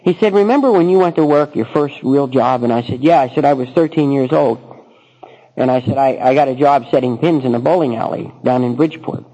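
A man's voice: mid-range voice, a little fast, mellow, low-quality recording. A middle-aged man telling a personal recovery story, rambling with many false starts. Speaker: speaker sharing recovery story.

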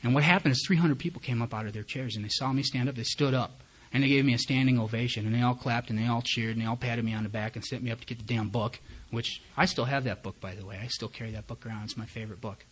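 A man with a husky voice shares his recovery story before a meeting crowd. He is candid and self-mocking, and he acts out his own inner thoughts as he tells it. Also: medium pitch, fairly even intonation, quick pace, fairly bright tone. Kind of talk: personal recovery testimony told as a story.

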